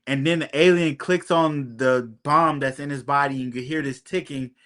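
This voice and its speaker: A man's voice: on the high side, sharp tone. A man on a podcast casually recapping a TV episode, acting out the characters' lines as he retells them, with frequent ums. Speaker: podcast co-host.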